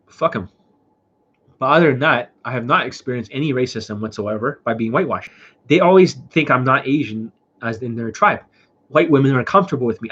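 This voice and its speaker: A man with a mid-range, slightly bright and a little rough voice, sick and coughing, answers livestream questions as a dating coach, speaking bluntly and swearing a lot. The recording has a dull, lo-fi sound.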